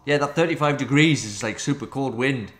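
A man's voice: medium pitch, brisk, fairly bright tone. Jokey young-sounding man, echoey room. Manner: rambling, jokey asides. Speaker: let's-play host. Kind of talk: reading and reacting to a visual novel. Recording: echoey room with game music.

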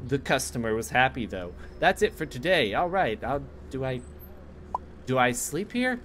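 Lively young man doing frantic game commentary. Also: moderate pace, slight background noise. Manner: frantic, sarcastic, jumps between mutters and squeaky outbursts. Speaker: gaming youtuber. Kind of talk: casual gameplay commentary.

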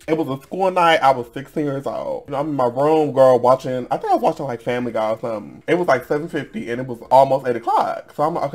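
An animated man in his twenties, mid-range and slightly bright, talks fast as he tells a storytime vlog to camera from home. Sassy and swearing, he laughs often and keeps calling his viewers girl.

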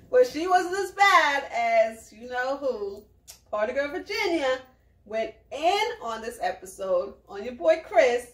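A woman with a high voice, chatting with animated energy and acting out what people said on the show. She sits a little away from the mic, and the room rings with echo. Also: slow, recorded from a distance. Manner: animated, laughs often, acts out quotes. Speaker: co-host of a reality show review. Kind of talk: casual chat.

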